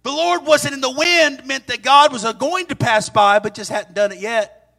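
A man preaching a sermon in an animated, sing-song way, with sudden loud peaks. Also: very high-pitched, normal speed, creaky.

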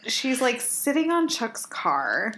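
A woman in casual chat as podcast co-host, animated and laughing, acting out quotes from the show. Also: a little high, slow, a little hiss or hum.

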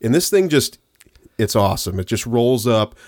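A man's voice: mid-range voice, big pitch swings, normal speed, darkish tone, no echo, studio quality. A man casually recapping a film on a podcast, laughing and acting out quoted lines as he goes. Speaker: podcast co-host. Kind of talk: casual movie recap chat.

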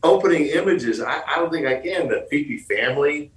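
A man's voice: fairly high pitch, expressive, a little fast, reverberant, far from the mic, slight background noise, rough recording. A man from Michigan, a guest on a podcast interview, telling stories in a jokey way and acting out the lines he quotes. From Michigan, USA.

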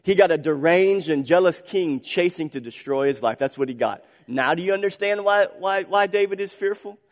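A man's voice: high-pitched, animated, moderate pace. A man preaching a sermon with passion, repeating phrases and asking rhetorical questions. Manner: impassioned, repetitive, rhetorical questions. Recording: long hall reverb.

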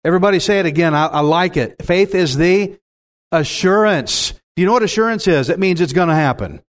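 A preacher delivers a sermon in a somewhat raised pitch. He swings dramatically in delivery and calls out to his congregation. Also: animated, rapid-fire. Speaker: pastor.

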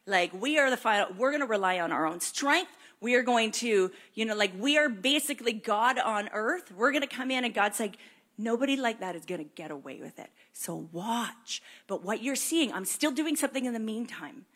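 A woman preaching a sermon, animated and conversational, acting out prayers and questions to God. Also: a little high, normal speed. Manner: animated, acts out prayers and voices in quotes.

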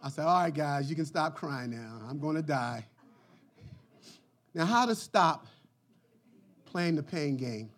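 A pastor preaching a sermon with passion, swinging from quiet lines to shouts and breaking into laughter and jokes. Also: male voice, a little high, expressive, a little slow, pauses often.

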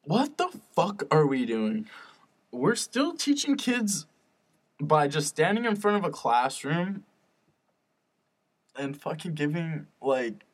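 A young man hosting his own podcast, rambling and swearing often, earnest and fired up about spreading positivity. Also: a little high. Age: young adult. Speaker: podcast host. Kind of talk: casual solo podcast rant.

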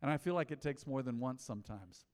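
A middle-aged male pastor preaching a sermon, swinging from soft pleading to loud calls that get the congregation repeating after him. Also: medium pitch, quick pace. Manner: animated preaching, rising and falling dynamics, calls to the congregation. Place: large church hall. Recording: long hall reverb.

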